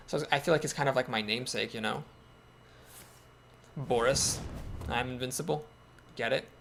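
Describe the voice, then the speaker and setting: A man's voice: mid-range voice, normal speed, creaky, fairly bright tone, slight background noise. A man giving casual commentary on a card game, thinking aloud in a wry, self-doubting way. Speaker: gameplay commentator.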